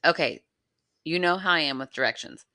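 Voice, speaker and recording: A woman's voice: sits low, a little fast, bright, forceful tone, no room sound, clean studio sound. A woman from the United States co-hosting a podcast, bantering playfully in casual chat. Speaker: podcast co-host.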